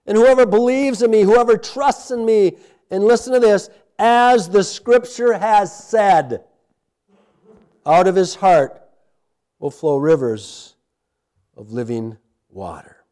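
A man preaching a sermon in a church sanctuary, with impassioned rises and a hushed closing prayer. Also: high-pitched, slow pace, long pauses. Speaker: pastor.

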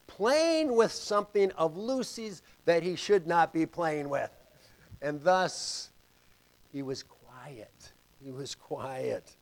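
Older man, preacher, sermon storytelling, slightly high voice, lively swings from loud to hushed. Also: poor audio.

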